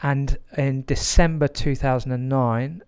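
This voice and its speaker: A man speaking as a podcast guest with a mid-pitched voice. He recounts a story in a reflective, halting way, full of pauses and restarts. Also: fairly even intonation, darkish tone, smooth. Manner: hesitant, many fillers and restarts, reflective. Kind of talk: conversational storytelling.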